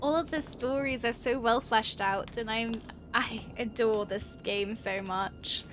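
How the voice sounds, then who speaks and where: A woman's voice: a little high, unhurried, fairly bright tone, slight background noise. A young woman streaming a let's play, chatting in a bubbly, gushing, giggly way into a desk mic at home.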